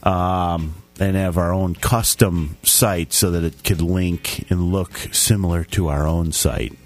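A man's voice: low-pitched, fairly even intonation, slow, soft background music. A man co-hosting a casual podcast, reading listener comments aloud in a jokey way and stumbling over the words. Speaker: podcast co-host.

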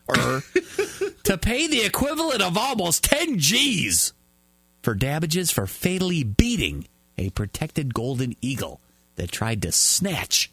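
Male spoof news anchor, husky, lively delivery, laughs at his own gags. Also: on the high side, dry recording. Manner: laughs through his jokes, exaggerated newsreader delivery. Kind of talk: mock news reading with banter.

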